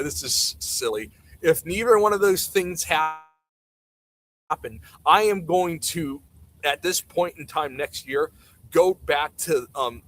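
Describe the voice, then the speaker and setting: A man's voice: a little high, a bit bright, poor audio. A man ranting bluntly and sarcastically during casual livestream commentary. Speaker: streamer.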